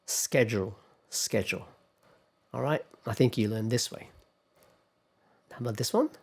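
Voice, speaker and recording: A man's voice: mid-range voice, very animated, normal speed, creaky, darkish tone. A man giving a classroom lecture on pronunciation, patiently explaining step by step and putting questions to his students.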